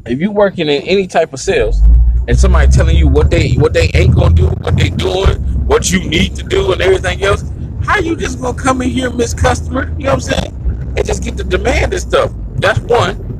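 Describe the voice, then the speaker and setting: Ranting, high-voiced man with noisy sound. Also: fairly quick. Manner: animated, rambling, slangy. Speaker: podcast host. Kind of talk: ranting monologue.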